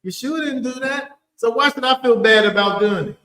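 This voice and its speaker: A man teaching a Bible study in an emphatic, animated way, full of rhetorical questions. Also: very high-pitched, normal speed, echoey room, low-quality recording.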